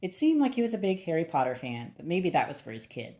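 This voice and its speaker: A woman's voice: low-pitched, sing-song, fast, dark tone. A woman narrating a first-person thriller audiobook with a wry, dry delivery.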